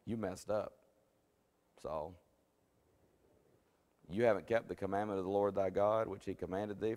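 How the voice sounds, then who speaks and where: A man reading the stern prophet Samuel's rebuke in a slow, solemn way, in a reverberant room. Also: deep voice, a little mellow, natural voice. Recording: long hall reverb.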